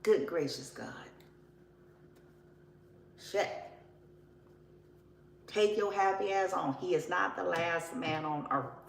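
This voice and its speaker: A woman's voice: fairly low pitch, slow, vocal fry, long pauses, roomy sound, slight background noise, rough recording. Blunt, profane woman reading tarot. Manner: blunt, profane, laughing, drawling. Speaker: tarot reader. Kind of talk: casual tarot reading monologue.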